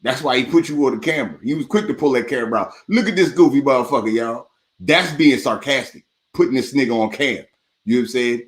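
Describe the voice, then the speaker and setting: A man's voice: medium pitch, fast. A man co-hosting a boxing talk show, heated and emphatic.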